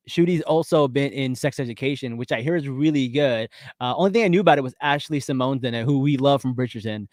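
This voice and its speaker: A man's voice: mid-range voice, darkish tone, dry recording, clean studio sound. A man co-hosting a podcast, chatting casually and animatedly about a TV episode with many fillers. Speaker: podcast co-host. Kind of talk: casual pop-culture chat.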